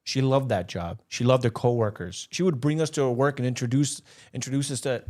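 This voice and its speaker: A young man from the Los Angeles area co-hosts a casual podcast. He talks in an impassioned way, often doubling up his words as he goes. His voice sits at an ordinary middle pitch for a man. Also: brisk, a little mellow. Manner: emotional, repeats words when worked up. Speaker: podcast co-host. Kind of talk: casual podcast chat, storytelling.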